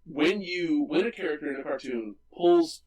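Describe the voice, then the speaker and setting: A man co-hosting a casual movie podcast, retelling scenes with energy and quick character voices. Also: on the high side, lively intonation, darkish tone, husky, far from the mic, poor audio. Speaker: podcast co-host.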